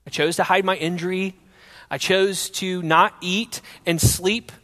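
A young man telling his personal faith testimony in an earnest storytelling way, going from loud to hushed. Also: high voice, steady tone, unhurried, big-room sound.

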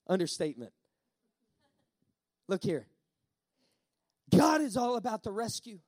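A male pastor preaching a sermon, emphatic, repeating key lines and slowing down on words for effect. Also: high-pitched, big pitch swings, a little mellow, no echo.

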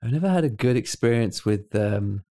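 A British man co-hosting a podcast, telling lively stories in casual chat and laughing often. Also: mid-range voice, moderate pace. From United Kingdom. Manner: animated storyteller, laughs often. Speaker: podcast co-host.

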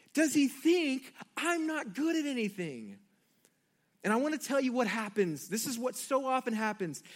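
A middle-aged man, a pastor, preaching a sermon and telling family stories directly to his congregation. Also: very high voice. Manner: storytelling, animated, addresses the congregation directly.

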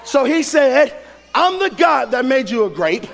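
Man, preacher, very high voice, animated pitch, shouting sermon. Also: a little slow, creaky, some chatter behind. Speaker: pastor.

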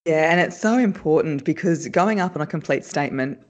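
Lively woman voice coach. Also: sits low, a little fast. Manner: explanatory, animated, laughs often. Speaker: voice and speech coach. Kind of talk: interview guest explaining her work.

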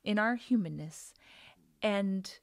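A woman in her thirties or forties sharing an emotional faith testimony, earnest and sometimes hushed. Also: mid-range voice, slow, creaky. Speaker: guest sharing her story.

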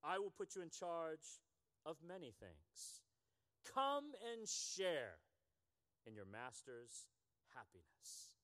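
A man in his fifties reading the part of a stern master of servants, with dramatic swings in pitch. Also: wildly swooping pitch, slow, a bit bright, big-room sound, full character voice. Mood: approving.

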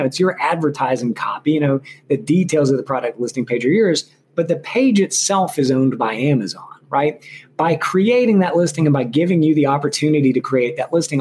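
A male lawyer in his thirties, speaking as an interview guest. His voice sits slightly high and has a husky edge. He tells his story loosely and with energy, full of fillers and restarts. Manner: chatty, animated, frequent fillers and restarts. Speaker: intellectual property lawyer and guest.

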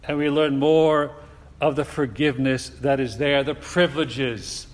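A man preaching a sermon in a deliberate, emphatic way, asking his listeners rhetorical questions. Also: medium pitch, fairly even intonation. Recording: long hall reverb.

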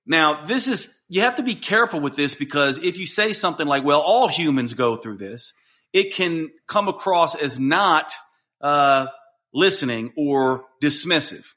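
In this solo podcast talk, the host earnestly coaches listeners on responding to someone who's struggling, voicing sample lines as he explains. He speaks in a highish, animated voice, unhurried, with a pushed, bright quality.

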